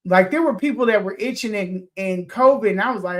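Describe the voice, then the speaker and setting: A woman in her forties hosting a podcast, telling a personal story in a loose, animated way, swearing freely and acting out what people said. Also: medium pitch, a little fast. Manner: animated, swears freely, laughs, acts out quotes. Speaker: podcast host. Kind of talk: casual storytelling to listeners.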